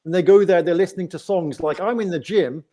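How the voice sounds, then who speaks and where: With a high, dark-toned voice and a fairly quick pace, this English host from Nottingham rambles through a casual livestream chat. He's talkative and keeps checking in with "right?".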